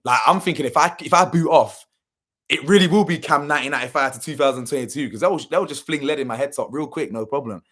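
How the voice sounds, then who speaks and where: A man's voice: mid-range voice, fast, few pauses, fairly bright tone. A young man, telling a story casually and animatedly, full of slang and swearing, acting out what people said. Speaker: channel host.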